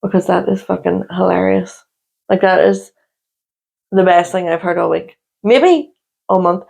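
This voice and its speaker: A tired woman co-hosting a podcast, her voice worn and husky, with dry, teasing banter. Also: fairly low pitch, measured pace, a little mellow. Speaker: podcast co-host. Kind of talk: casual chat.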